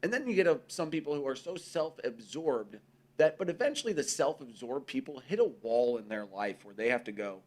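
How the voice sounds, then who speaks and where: Male co-host, casual and profane storyteller, middle pitch. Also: lively intonation, fairly quick, a little mellow. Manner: profane, storytelling, acts out quoted voices. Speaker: podcast co-host. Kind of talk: casual chat.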